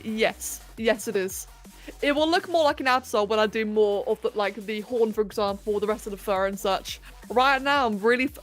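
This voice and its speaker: Chatty woman hosting a stream. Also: fairly high pitch. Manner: chatty, self-mocking, thinks aloud. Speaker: livestream host. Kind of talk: casual chat while sculpting live. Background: faint electronic music.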